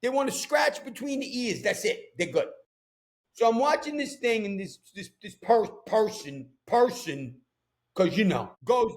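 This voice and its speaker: High-pitched ranting New York man. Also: unhurried. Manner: profane, ranting, animated. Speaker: podcast host. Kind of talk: casual chat.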